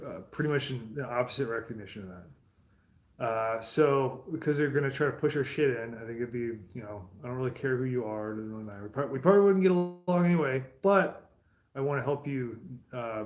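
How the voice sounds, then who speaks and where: A man talking casually in a rambling, profane monologue from his home garage, with laughing asides. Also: mid-range voice. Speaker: streamer. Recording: roomy echo.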